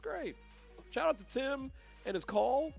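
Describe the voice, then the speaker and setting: A young man co-hosting a podcast, telling stories in an excitable, animated way, his sinuses stuffed up. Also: medium pitch, moderate pace, soft background music. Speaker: podcast co-host. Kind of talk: casual chat.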